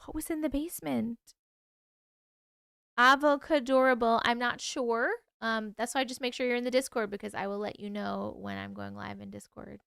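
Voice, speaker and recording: A woman's voice: a little high, fairly even intonation, normal speed, creaky, sharp tone, clean tone, no echo, clean studio sound. A woman hosting a late-night livestream, chatting sleepily with her viewers, swearing and yawning as she reacts to their stories. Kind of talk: casual livestream chat.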